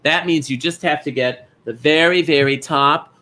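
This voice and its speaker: A man's voice: a little high, moderate pace, pushed and bright. A man hosting an online bingo show, chatting as he greets viewers by name in a gushing, rambling way. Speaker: bingo game host. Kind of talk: live-streamed host greeting viewers.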